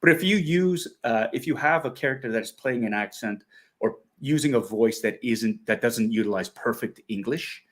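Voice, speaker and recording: A man's voice: mid-range voice, moderate pace, fairly bright tone. Earnest Canadian man, middle-aged guest. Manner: earnest, reflective, laughs often. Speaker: guest actor. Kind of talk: casual interview.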